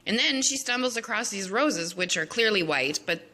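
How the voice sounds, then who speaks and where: A woman's voice: medium pitch, animated, normal speed, pushed and bright. A woman narrating a silly story over her drawings in an offhand, goofy, chatty way.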